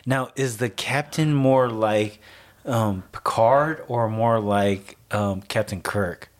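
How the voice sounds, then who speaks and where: A man chatting casually, asking questions with frequent ums and easy pauses. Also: on the low side. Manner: relaxed, asks questions, hesitant fillers. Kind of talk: casual chat.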